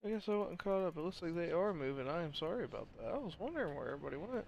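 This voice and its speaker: A tired man calls a simulated race, his voice gravelly and a bit higher than most men's as he drifts between casual asides and play-by-play. He sounds worn and hoarse from a long week, with faint noise behind him. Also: expressive, rapid-fire, a little mellow, dull audio. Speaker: race commentator. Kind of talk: sim racing play-by-play commentary.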